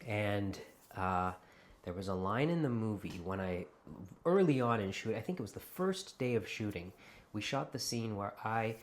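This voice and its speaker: Playful Canadian man in his late thirties. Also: on the low side. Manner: animated, playful storyteller. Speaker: host. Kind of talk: casual talk to camera.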